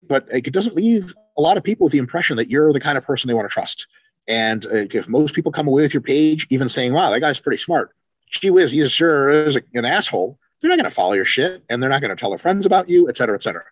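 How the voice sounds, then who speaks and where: A man co-hosting a casual podcast chat, animated and profane, acting out quoted exchanges as he talks. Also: medium pitch, husky, no room sound. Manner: animated, swears freely, acts out quoted exchanges. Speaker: podcast co-host, coach.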